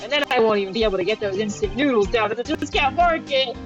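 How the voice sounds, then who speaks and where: A woman's voice: on the high side, quick pace, lightly acted. A woman voicing a scruffy, broke, goofy male detective in a blustery way, over game music. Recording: dull lo-fi audio.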